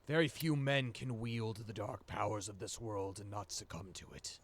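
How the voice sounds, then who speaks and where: A man acting as game master, voicing a grave, protective shape-changer chieftain in a tabletop game with a slow, solemn manner. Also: on the low side, lightly acted. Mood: grim.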